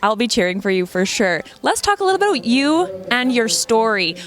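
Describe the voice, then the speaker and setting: Bubbly lady interviewer at a barrel race, kinda high pitched, cheering people on. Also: big pitch swings, fairly quick, fairly bright tone. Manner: bubbly and encouraging. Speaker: event interviewer. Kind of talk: upbeat arena interview.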